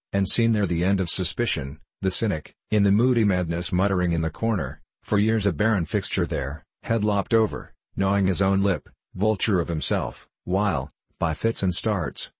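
A man's voice: low-pitched, husky, dry recording. A man voicing an earnest Methodist preacher who pleads and sermonizes with righteous indignation in an old-fashioned storybook.

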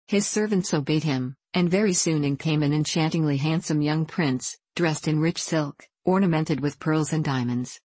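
A woman narrating a fairy tale in a measured, steady audiobook reading. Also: sits low, breathy edge, no room sound.

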